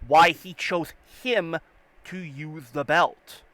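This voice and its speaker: A man with a high, bright voice speaking slowly in a casual podcast chat. He hesitates and repeats words as he builds his point. The recording is dry and close. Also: no room sound, rough recording. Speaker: podcast co-host.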